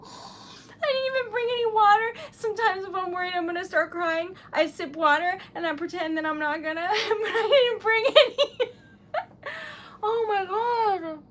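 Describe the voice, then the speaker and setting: A woman's voice: extremely high pitch, normal speed, fairly bright tone. A woman livestreaming who is tearful and giggly, flustered and stammering, laughing through tears as she gushes her thanks. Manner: breathless gushing thanks. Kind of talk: casual livestream chat.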